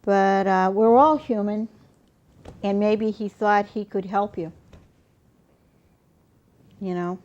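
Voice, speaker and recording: Slow-talking woman interviewer, dull lo-fi sound. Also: medium pitch, a little mellow. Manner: attentive, with frequent short acknowledgements. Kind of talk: conversational interview.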